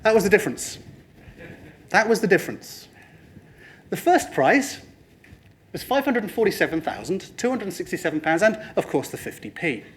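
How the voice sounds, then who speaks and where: A man giving a lively motivational presentation to a room, addressing the audience and slipping into other people's voices for quoted lines. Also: sits high, moderate pace, long pauses. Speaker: speaker at a training talk.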